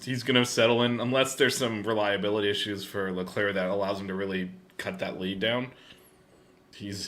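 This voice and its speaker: A man's voice: lowish voice, bright, forceful tone. A man co-hosting a motorsport podcast, talking in an opinionated, jokey way and laughing often. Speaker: podcast co-host. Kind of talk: casual sports chat.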